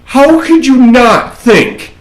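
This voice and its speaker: A man's voice: very high-pitched, big pitch swings, slow. Profane, mocking man in an echoey room. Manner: profane, mocking, does brief impressions. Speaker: podcast co-host. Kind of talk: casual political chat.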